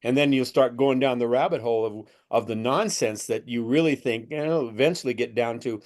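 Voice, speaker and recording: A middle-aged man with a voice of ordinary pitch speaks as a spiritual teacher in loose conversation. He rambles, restarts and slips into acted-out quoted voices to make his point. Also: fairly quick, few pauses, a little mellow.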